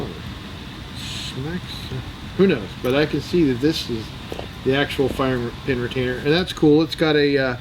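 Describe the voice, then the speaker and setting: Background noise sits under this medium-pitched American man. He hosts a channel, and while cleaning and disassembling a gun he rambles, jokes, and mutters his thoughts to himself as he works.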